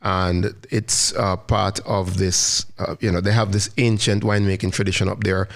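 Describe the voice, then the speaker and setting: A man's voice: sits low, flat delivery, moderate pace, creaky. A man co-hosting a wine podcast, casually explaining wine regions and grapes in a teaching way. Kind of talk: casual chat.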